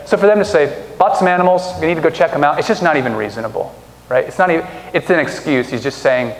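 A man's voice: on the high side, fast talker, a little hiss or hum. A man preaching a sermon from a stage in a conversational way, asking rhetorical questions and acting out quotes. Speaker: pastor. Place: church stage. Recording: echoey hall reverb.

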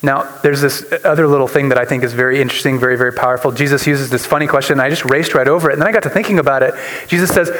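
A man preaching a sermon as a pastor, animated, with frequent restarts and repeated words. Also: on the high side, fast talker, big-room sound, rough recording. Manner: animated, voices quoted speakers, repeats words.

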